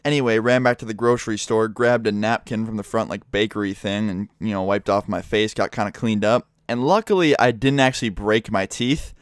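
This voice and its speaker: A man's voice: fairly low pitch, a little fast, few pauses, smooth, dry recording. A young man telling a rambling, self-mocking story with lots of swearing, speaking into a close mic. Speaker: YouTuber. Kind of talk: casual storytelling vlog.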